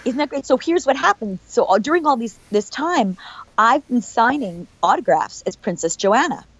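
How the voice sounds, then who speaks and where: A woman guest telling animated, chatty stories with many restarts in a casual interview. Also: on the high side, normal speed, slightly rough, low-quality recording. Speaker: actress guest.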